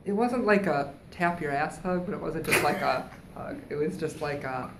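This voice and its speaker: Animated host telling stories in an echoey room. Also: normal speed, heavy background noise. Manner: animated storytelling, jumps into a high squeaky voice for quoted people. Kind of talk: casual chat. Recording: echoey room with faint ambience.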